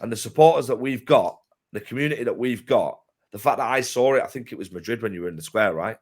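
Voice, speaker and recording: A man chatting passionately as co-presenter, getting loud and emphatic. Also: medium pitch, fast talker. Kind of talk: casual chat.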